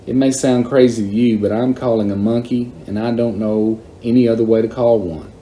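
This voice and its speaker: A man's voice: medium pitch, fairly even intonation, fairly quick, warm tone, a little hiss or hum, natural voice. A man voicing an earnest country boy who talks to his old dog, in a storybook reading. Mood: scolding.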